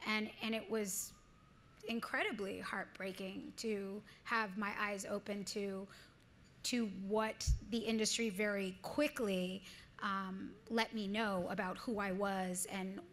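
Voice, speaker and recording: A woman in her thirties being interviewed on a live event stage, telling stories in an earnest, animated way with frequent restarts. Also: on the high side. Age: 30s. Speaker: guest actress. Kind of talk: onstage interview conversation.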